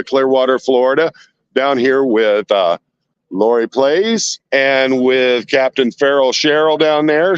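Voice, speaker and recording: A man's voice: mid-range voice, no room sound. A man streaming outdoors at night from a handheld phone, chatting with viewers and firing off indignant rhetorical questions while he sweats. His voice sits mid-range. The audio is dry and a little dull, like a phone mic. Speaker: live-streaming protester. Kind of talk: casual live stream, reading chat.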